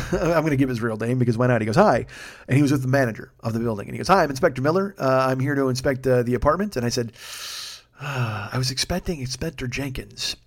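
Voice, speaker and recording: A man's voice: medium pitch, animated, quick pace. A man hosting a podcast alone, telling a rambling, profane comic story from his apartment. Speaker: podcast host. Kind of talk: solo comedic monologue. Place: home apartment.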